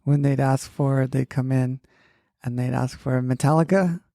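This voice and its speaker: A woman co-hosting a casual podcast, dropping wry, deadpan comments. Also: a bass voice, normal speed, no room sound, clean studio sound. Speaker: podcast co-host. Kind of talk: casual chat.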